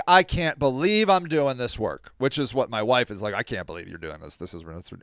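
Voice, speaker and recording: This high-voiced man hosts a podcast, spinning stories in a relaxed monologue. The recording is dry and studio-clean, his voice smooth, and he stays lively throughout, voicing the people he quotes and laughing a lot.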